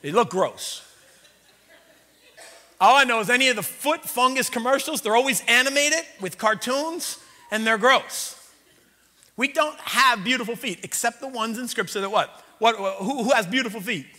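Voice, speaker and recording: A man preaching a sermon in a church, telling the story in a lively, conversational way with jokes. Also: high-pitched, moderate pace, long pauses. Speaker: pastor. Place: church sanctuary. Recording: reverberant church hall.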